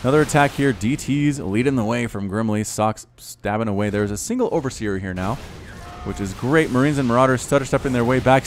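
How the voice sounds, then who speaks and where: A man in his thirties commentating a strategy video game match, casual and chatty, getting louder and higher at big plays. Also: a little fast. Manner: excitable, rises sharply in pitch and volume at big plays. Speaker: game caster. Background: faint background music.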